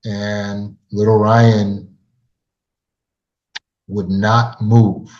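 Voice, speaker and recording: A man with a low voice gives an earnest lesson on trauma recovery, telling a story and then putting rhetorical questions straight to the listener. The audio is dull and muffled, like a lo-fi recording. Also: little pitch movement, extremely slow, darkish tone. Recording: dull lo-fi sound.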